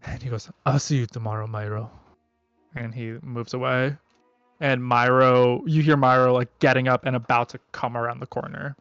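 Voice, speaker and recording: A man narrating a tabletop game as game master, halting with many fillers. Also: medium pitch, little pitch movement, gravelly, a bit bright, smooth, dry recording, highs cut off. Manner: halting, full of "um" and "like".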